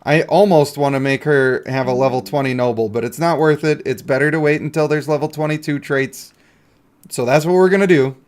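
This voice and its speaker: A man's voice: a little high, brisk, darkish tone. A male game streamer in casual live-stream commentary, chatty and joking as he talks to himself and his chat.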